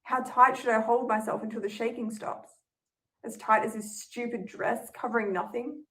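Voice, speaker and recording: A woman's voice: a little high, fairly even intonation, moderate pace, a bit bright, distant mic. A young woman reading her own first-person story as a tense, anxious inner monologue. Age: young adult.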